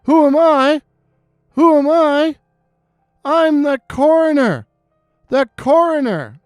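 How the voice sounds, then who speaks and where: A man's voice: very high voice, animated, slow pace, no room sound, studio quality, faint music behind, voice pushed up, exaggerated voice. A man voicing an old male serial killer who fakes tearful outrage in a trembling, accusing voice. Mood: shrill outrage.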